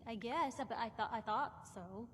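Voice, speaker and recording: A woman voicing a chatty, nosy young reporter who talks quickly and frankly. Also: a little high, a bit bright, lightly acted. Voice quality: chatty, quick, self-conscious. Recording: game audio with reverb and faint hiss.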